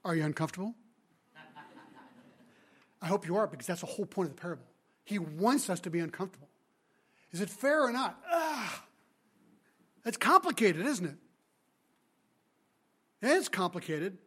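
Man, guest preacher, expository sermon, animated storytelling, rhetorical questions. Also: high-pitched, moderate pace, long pauses, breathy edge.

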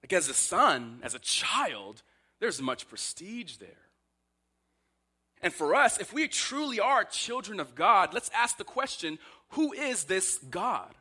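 Bright, lively preaching man. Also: sits high, a little slow, husky. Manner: emphatic rhetorical questions, voices grumbling Israelites. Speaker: pastor. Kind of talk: sermon.

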